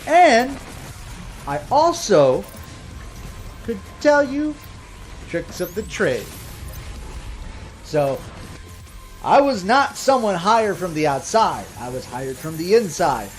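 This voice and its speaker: A man giving comedic let's-play commentary, ranting and swearing in an animated way. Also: high-pitched, slow, pauses often, faint music behind. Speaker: gaming commentator.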